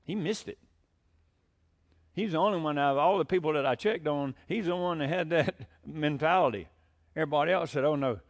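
A man's voice: a little high, fast talker, gravelly. A man preaching a sermon in a conversational way, with frequent fillers, rising to emphatic bursts when quoting scripture. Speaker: pastor.

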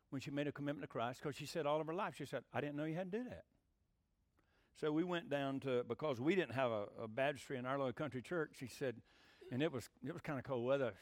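A folksy middle-aged preacher with a drawl, his voice sitting high and swooping up and down as he preaches. He keeps asking the room questions. The sound is dry and close. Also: no echo. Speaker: pastor. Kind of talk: sermon.

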